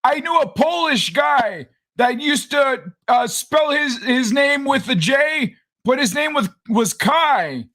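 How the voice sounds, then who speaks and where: Male livestream host, high and animated, jokey and rambling with viewers. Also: slow pace, hardly any pauses. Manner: rambling, jokey, greets chatters by name. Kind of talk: casual livestream chat.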